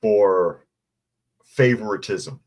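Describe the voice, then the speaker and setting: A man's voice: lowish voice, extremely slow, a little mellow. Sarcastic man reading the news. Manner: sarcastic, mocking asides. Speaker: host. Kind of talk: casual news commentary, reading articles and chat.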